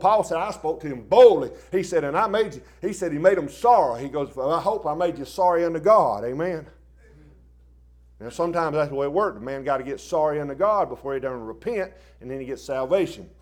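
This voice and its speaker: A man preaching a sermon in a folksy, plain-spoken way, dropping to quiet asides and rising into loud impassioned bursts. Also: fairly high pitch.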